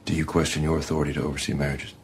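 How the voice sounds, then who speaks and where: A man's voice: rumbling low, little pitch movement, very fast, a little hiss or hum. An actor playing a defiant man who insists on leaving with his wife, speaking bluntly in a drama. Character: defiant young husband demanding his wife.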